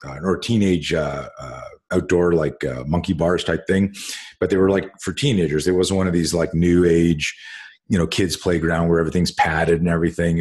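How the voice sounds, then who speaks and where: A man's voice: sits low, a little mellow, breathy edge. A middle-aged man hosting a casual conversation, telling rambling stories full of fillers and restarts and swearing casually. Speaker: host.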